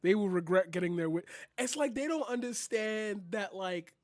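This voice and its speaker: A man's voice: high-pitched, expressive, normal speed, no room sound, studio quality. A young man reacting to clips, sarcastic and incredulous, swearing freely and filling his talk with "like" and "bro". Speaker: commentary streamer. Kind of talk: reaction commentary.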